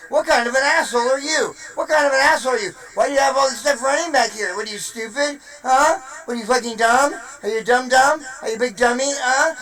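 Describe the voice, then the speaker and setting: A streamer putting on a yelling, insulting Windows. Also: medium pitch, poor audio. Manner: shouting, insulting, rapid-fire. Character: software persona as a pushy bully.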